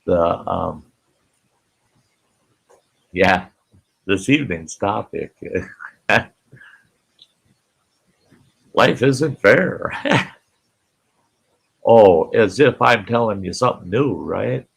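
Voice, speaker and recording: A man's voice: lowish voice, animated, extremely slow, gravelly, long pauses, breathy edge. An older man hosting a casual live stream, folksy, greeting chat viewers by name and often laughing, with an Upper Midwest American accent.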